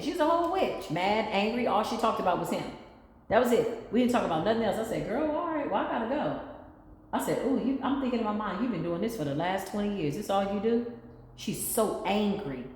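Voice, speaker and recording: A woman's voice: medium pitch, a little mellow. Blunt, slangy woman in an echoey room. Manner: emphatic, rambling, slangy and blunt. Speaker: intuitive spiritual reader. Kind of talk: casual spiritual reading monologue. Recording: echoey room with long reverb and faint noise.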